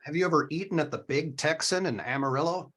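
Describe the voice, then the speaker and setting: A man's voice: fairly high pitch, quick pace, slightly rough. A man with a Minnesota accent, hosting a casual podcast chat and telling stories with animation. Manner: chatty, animated storyteller. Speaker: podcast host.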